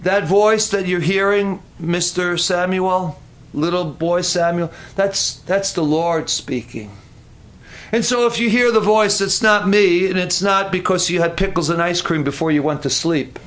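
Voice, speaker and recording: A gentle old priest, voiced by a preacher, explains things slowly and soothingly. His tone stays patient and calm. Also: high-pitched. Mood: gently explaining.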